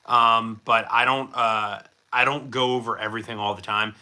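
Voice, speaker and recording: A man's voice: mid-range voice, steady tone, normal speed, sharp tone. A man hosting a casual livestream, answering viewer chat in a rambling, jokey way with lots of fillers. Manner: rambling and chatty with many fillers; self-deprecating and jokey. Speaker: livestream host.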